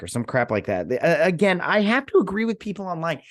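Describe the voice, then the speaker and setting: A man's voice: medium pitch, animated, quick pace, few pauses, dry recording, studio quality. A man hosting a review channel, casually recapping an episode in a rambling way and quoting characters' lines as he goes. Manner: rambling, retells scenes with quoted lines; frequent fillers and restarts.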